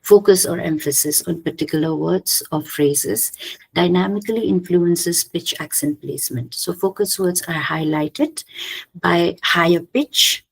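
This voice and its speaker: A woman giving an academic slide presentation, hesitant, often pausing with "okay" and restarting her phrases. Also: lowish voice, creaky, breathy edge, poor audio. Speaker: conference presenter.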